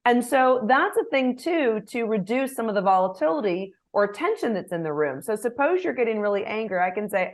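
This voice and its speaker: A middle-aged woman coaching leaders in an interview, her voice sitting a little high. She talks in a lively way and slips into short acted example phrases to make her points. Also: fairly quick, few pauses. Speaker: guest, executive coach. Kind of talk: interview answers.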